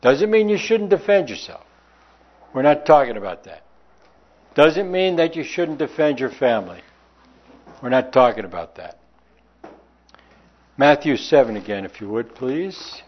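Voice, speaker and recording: A man's voice: mid-range voice, big pitch swings, measured pace, pauses often. A man preaching a sermon, reading scripture aloud and pressing the listeners with rhetorical questions. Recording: dull lo-fi sound.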